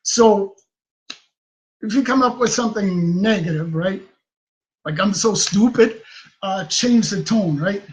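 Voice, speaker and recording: A man's voice: high voice, measured pace, pauses often, poor audio. A man giving casual self-help advice to the camera, chatty and tagging many sentences with a questioning "right?". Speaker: self-help video host.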